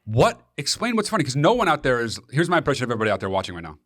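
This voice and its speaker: A man's voice: medium pitch, sing-song, racing, fairly bright tone, dry recording, clean studio sound. A man co-hosting a podcast in casual banter, teasing and skeptical, asking his partner to explain. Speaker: podcast co-host.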